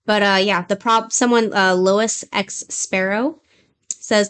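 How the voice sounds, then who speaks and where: A woman's voice: medium pitch, slow, a bit bright, smooth. Easygoing woman reading stream chat. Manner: easygoing, short agreeing replies. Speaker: co-host reading viewer chat. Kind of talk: casual live-stream chat.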